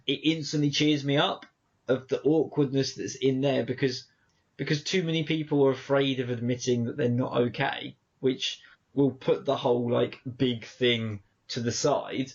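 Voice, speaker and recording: A man's voice: mid-range voice, steady tone, normal speed. A man co-hosting a podcast, chatting casually and reflectively, acting out quoted exchanges as he rambles. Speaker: podcast co-host. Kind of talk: casual chat. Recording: dull lo-fi podcast audio.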